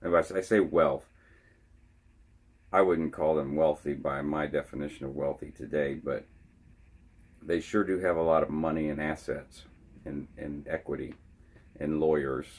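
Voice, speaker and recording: Man with an unusually low voice, slow and halting, for a casual opinion vlog. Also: darkish tone. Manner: halting, frequently restarting his sentences. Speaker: vlogger.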